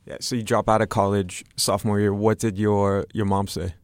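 A man's voice: lowish voice, little pitch movement, a little fast, no echo, clean studio sound. A man interviewing a guest, asking curious follow-up questions in a casual way.

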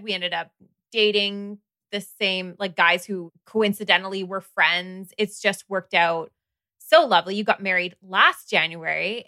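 A woman's voice: mid-range voice, sharp tone, no echo, clean studio sound. A woman hosting a podcast in casual chat, effusive and laughing often. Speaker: podcast host.

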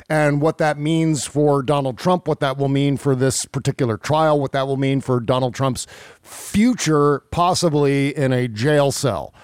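A man with a somewhat high voice hosts a casual political talk show, animated and quick to laugh. The sound is dry and close to the mic. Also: clear, resonant tone, no echo. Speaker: podcast host.

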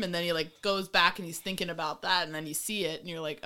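A woman co-hosting a casual movie-review chat, ranting in an animated, exasperated way with swearing and mocking voices. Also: on the low side, brisk, clear, resonant tone. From of Irish descent. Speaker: podcast co-host.

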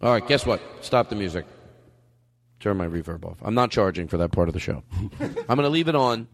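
A man's voice: fairly low pitch, lively intonation, a little fast, no echo, studio quality. A man hosting a comedy podcast, bantering playfully and laughing often. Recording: music from a live band. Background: live band playing.

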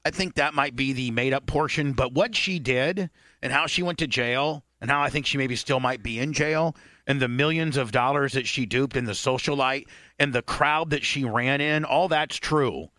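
A man's voice: medium pitch, moderate pace, bright, forceful tone, no echo. A man hosting a podcast, chatting casually and rambling with frequent restarts. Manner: rambling, restarts sentences often. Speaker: podcast host. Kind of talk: casual chat.

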